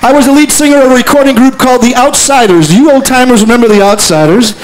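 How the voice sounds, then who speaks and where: A man's voice: extremely high pitch, fast, noisy background. A middle-aged man, a lead singer, chatting playfully with the audience between songs on a concert stage. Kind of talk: stage patter at a live concert. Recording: live concert recording with loud band. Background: loud band music.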